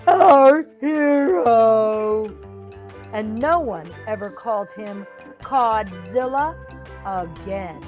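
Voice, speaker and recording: A woman reading a children's picture book aloud with expressive, animated storytelling. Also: mid-range voice, slow, faint music behind.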